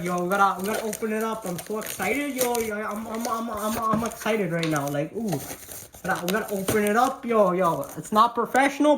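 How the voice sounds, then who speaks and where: Casual vlogger, woman, mid-range voice, excitable and rambling with slang, handheld camera at home, faint hiss. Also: medium pitch. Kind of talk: casual unboxing vlog. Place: at home by a desk. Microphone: handheld camera mic.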